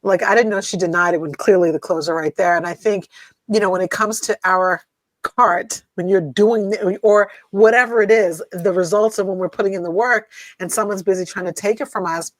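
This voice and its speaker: A woman's voice: mid-range voice, steady tone, a little fast, dry recording, rough recording. Reflective woman podcast co-host, dry sound. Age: middle-aged. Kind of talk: casual chat.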